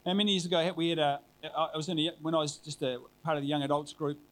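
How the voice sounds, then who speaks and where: A man's voice: a little high, fairly even intonation, quick pace, a bit bright. A middle-aged man preaching a sermon, telling a personal story in an earnest, conversational way with frequent restarts.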